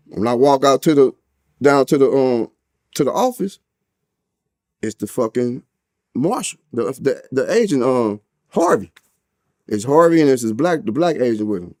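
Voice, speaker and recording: A man's voice: mid-range voice, darkish tone. A man from St. Louis with a St. Louis accent, telling a story as an interview guest, full of slang and cursing, and raising his voice when he acts out what people said. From St. Louis, USA. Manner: street slang and heavy cursing, acts out quotes in a raised voice.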